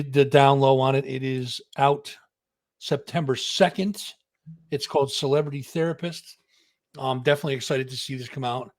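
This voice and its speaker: Casual, friendly male interview host. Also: mid-range voice. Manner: friendly, casual, calls guest dude and man. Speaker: podcast host.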